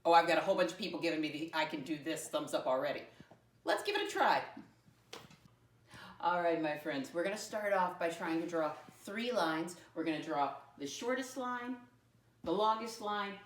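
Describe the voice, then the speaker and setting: A woman teaching a young children's math lesson, her voice fairly low for a woman. She speaks slowly and spells words out letter by letter, with sudden playful leaps up in pitch. She is caught from a distance in a roomy, echoing space. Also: lively intonation. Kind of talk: early-grade math lesson. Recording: roomy sound from off-mic.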